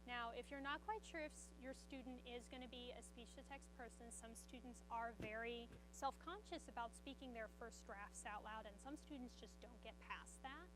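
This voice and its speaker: A woman from the southern United States giving an upbeat conference presentation, demonstrating software and answering audience questions. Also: a little high, moderate pace, few pauses, noisy background. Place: conference room.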